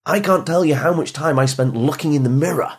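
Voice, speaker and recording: Husky man giving an emphatic motivational talk. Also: on the high side, brisk. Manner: emphatic, repeats phrases, drops soft for emphasis. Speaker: motivational speaker for teens.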